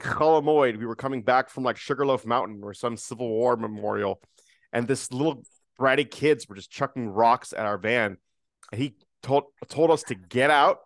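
A man's voice: mid-range voice, a bit bright, no room sound, studio quality. A young man hosting a casual conversation over a video call, earnest and repeating himself as he builds his point. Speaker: podcast host.

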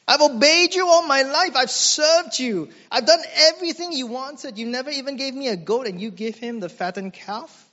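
A man's voice: very high-pitched, measured pace, pushed and bright, voice pushed up, exaggerated voice. A man preaching puts on the voice of a resentful young elder son, airing a bitter, indignant rant. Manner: bitter, ranting complaint. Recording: dull recording with long hall reverb.

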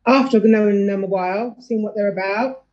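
A woman's voice: medium pitch, steady tone, a little fast, a little mellow. A woman answering plainly and a little hesitantly in a casual discussion, repeating herself. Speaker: guest. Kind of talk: casual discussion on a video call. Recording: muffled lo-fi video call audio.

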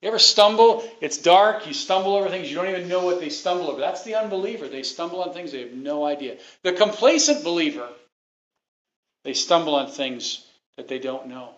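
A man's voice: a little high, animated, brisk, a bit bright. A man preaching a sermon to his congregation, emphatic and repeating his points, asking the people questions. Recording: dull lo-fi recording.

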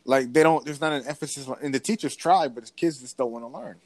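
A man in casual podcast conversation, telling a story with energy and often breaking off to restart his sentences. He has a mid-range male pitch. The recording is dry and close, with no room sound. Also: fast talker, no echo. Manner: animated storytelling with frequent restarts. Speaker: podcast co-host.

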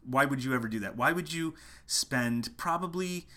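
Animated and forceful, a musician who teaches online marketing gives a casual, passionate lesson to camera at home late at night, repeating points to hammer them home. His mid-range voice is bright, at a moderate pace.

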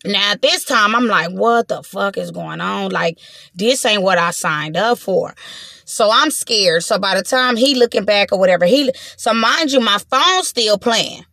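Lively bright-voiced woman telling a wild story. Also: medium pitch, unhurried, creaky, no echo, studio quality. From Watts, Los Angeles. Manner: animated, acts out voices, swears freely. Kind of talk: casual storytelling to an audience.

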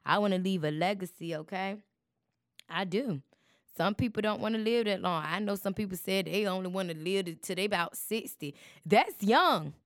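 A woman's voice: medium pitch, a little fast, dry recording, studio quality. A woman hosting her podcast in a chatty, preachy way, talking straight to her listeners. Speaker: podcast host. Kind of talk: casual chat.

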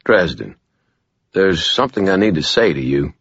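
A man voicing a careful, quiet shopkeeper. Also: low-pitched, sing-song, normal speed, vocal fry, breathy edge, no echo, highs cut off, full character voice. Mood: guarded, apologetic. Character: tired middle-aged male bookshop owner, cautious.

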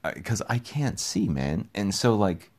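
A young man with a very low voice talks to his listeners in a loose, rambling monologue. He circles back and repeats phrases and gets excited as he goes. His casual swearing keeps it offhand and personal. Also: a little slow. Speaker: podcast host.

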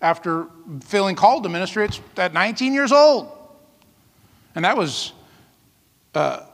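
A pastor preaching a sermon, telling folksy stories with asides and laughter. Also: male voice, high-pitched, very animated, normal speed, creaky, long reverb tail.

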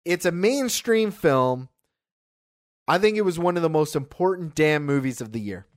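Animated, swearing film reviewer. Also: mid-range voice, normal speed. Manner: animated, emphatic, swears freely. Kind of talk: casual film review chat.

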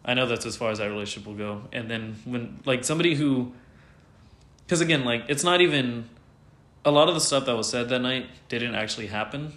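A man's voice: mid-range voice, brisk, fairly bright tone. A man speaking candidly as an interview guest, rambling with lots of fillers and some swearing. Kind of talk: candid casual conversation. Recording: roomy echo.

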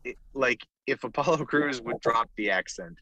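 A man's voice: medium pitch, moderate pace, highs cut off, a loud crowd. A man in casual podcast chat about wrestling, blunt and opinionated, swearing freely and restarting sentences.

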